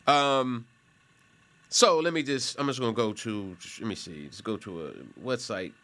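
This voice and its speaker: A man's voice: mid-range voice, unhurried, a bit bright, a little hiss or hum. A male college instructor explaining a topic casually while clicking through websites, with a rambling, conversational delivery full of asides and self-corrections. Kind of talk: casual classroom explanation while screen sharing.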